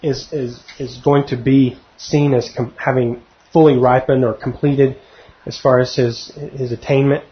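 A middle-aged man teaching verse by verse through a Bible passage, conversational and often putting questions to his listeners. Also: mid-range voice. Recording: dull lo-fi recording.

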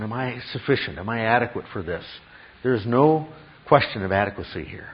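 A man's voice: medium pitch, lo-fi sound. A man preaching a sermon, stressing his points through repetition and questions to the congregation. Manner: emphatic, repeats key phrases, asks the congregation questions. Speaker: pastor.

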